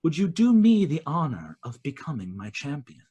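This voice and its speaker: A man voicing a towering, wistful fae queen of dusk in a tabletop game, speaking softly and with measured formality. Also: fairly high pitch, huge pitch swings, breathy edge, full character voice. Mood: solemn, tender. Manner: soft, measured, stately.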